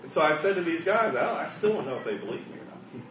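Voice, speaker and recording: A man preaching a sermon, swinging between hushed asides and loud, emphatic lines. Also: a little high, big pitch swings, fast talker, a little hiss or hum. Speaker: pastor. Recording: echoey room, mic at a distance.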